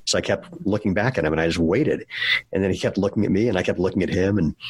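A man with a fairly low, slightly husky voice talks through a long personal story in a loose, rambling way, stopping and restarting his sentences. He sounds close to the mic in a dry room. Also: a bit bright, no echo. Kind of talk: casual conversation, storytelling.

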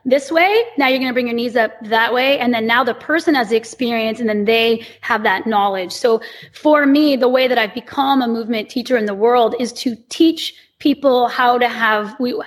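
A woman's voice: on the high side, normal speed. A woman who teaches movement, guesting on a podcast and explaining her ideas thoughtfully. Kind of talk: casual conversation.

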